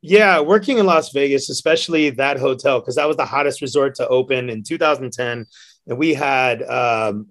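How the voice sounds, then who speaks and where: A man, a bartender guest, telling stories casually, animated and laughing often. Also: medium pitch. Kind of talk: casual storytelling.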